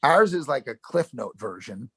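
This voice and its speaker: Here a middle-aged actor from Yonkers speaks with a New York accent in a husky, gravelly, mid-range voice. Relaxed in interview, he spins lively tales, cursing freely, often restarting sentences and never pausing. The sound is close and dry, without echo.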